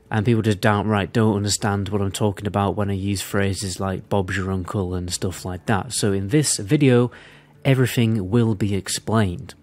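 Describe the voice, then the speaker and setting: A man from northern England with a South Cumbrian accent and a lowish voice. He talks to his viewers in a chatty, rambling way and drops self-deprecating asides as he explains. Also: darkish tone. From Windermere, northern England. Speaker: video creator. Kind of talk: casual explainer video.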